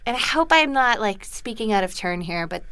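A woman's voice: mid-range voice, lively intonation, normal speed, fairly bright tone, smooth, no room sound. A woman with a Southern California accent, whose first language was Korean, chatting as a guest in an interview in a chatty, self-mocking way full of "like.". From United States. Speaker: actress guest. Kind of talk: casual interview chat.

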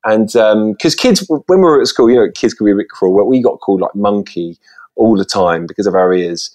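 A man's voice: on the low side, animated, a little fast, a little mellow. A man telling casual stories as a podcast guest, rambling through many false starts, recorded on a phone.

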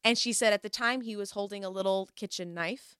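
A young woman telling a story in casual chat, animated and acting out what people said. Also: mid-range voice, a little fast, clear, resonant tone, dry recording, studio quality. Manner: animated storyteller, acts out quoted voices.

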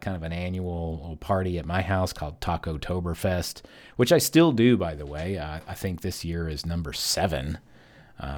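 Deep-voiced man telling a personal story. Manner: reflective, hesitant with many fillers. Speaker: podcast host.

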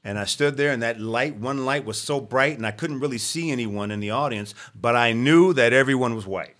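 A man with a bright, forceful voice spins a long story in a relaxed podcast conversation. He slips into the voices of the people he quotes and keeps the tale moving. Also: medium pitch, brisk. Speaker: podcast guest. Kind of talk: storytelling in casual chat.

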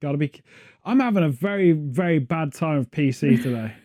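Man, podcast host, rambling sarcastic jokes, mellow tone, slightly high pitch. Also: animated, fairly quick. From Britain. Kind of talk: casual chat.

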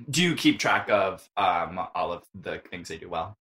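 A man's voice: low-pitched, animated, measured pace, a bit bright, heavily acted. A man as a dry teasing interviewer, roomy. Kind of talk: improv comedy scene. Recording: roomy, distant mic.

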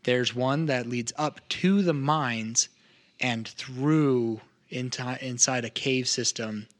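A man as game master, explaining to players in a halting, roundabout way. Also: medium pitch. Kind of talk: narrating a tabletop game.

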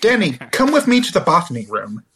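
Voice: mid-range voice, wildly swooping pitch, a little fast, fairly bright tone, faint music behind. A player in a tabletop game, talking casually and playfully about their moves.

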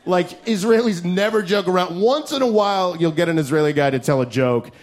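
A man doing a stand-up set in a comedy club, loud and profane, riffing fast and shouting his punchlines. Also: sits high. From United States. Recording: live club recording with crowd noise. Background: audience laughter and club noise.

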